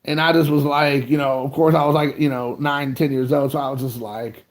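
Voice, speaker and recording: Chatty man with a creaky voice. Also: mid-range voice. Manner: rambling, self-mocking, restarts a lot. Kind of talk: casual chat, storytelling.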